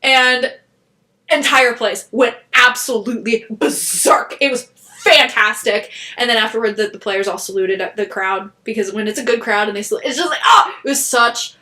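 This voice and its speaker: Woman podcast co-host, excitable rambler, bright tone. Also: on the high side, normal speed. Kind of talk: casual chat.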